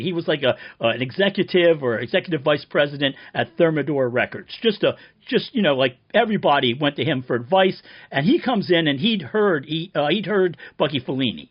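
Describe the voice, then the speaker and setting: A man's voice: on the high side, breathy edge. Sardonic rambling man, dull lo-fi sound. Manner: sardonic, profane, rambling tall tale. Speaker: band member promoting a reissue. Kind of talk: rambling deadpan comic monologue.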